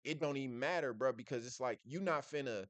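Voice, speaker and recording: A man's voice: medium pitch, fast talker, dry recording. Blunt, profane man riffing on a clip. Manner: blunt, profane street slang, repeats "bruh". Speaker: reaction video host. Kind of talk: casual commentary reacting to a clip.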